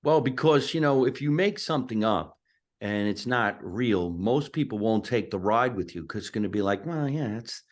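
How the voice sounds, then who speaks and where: A stand-up comedian with a thick New Jersey accent, telling stories in a punchy, animated way during a casual interview. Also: male voice, on the low side, normal speed. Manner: animated, punchy storytelling, slips into character voices.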